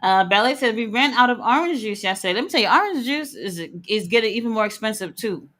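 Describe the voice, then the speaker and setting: A woman's voice: on the high side, expressive, fast, fairly bright tone. A woman hosting a live wrestling watch-along, chatting casually, reading out chat messages and giving blunt, opinionated takes with the odd curse word.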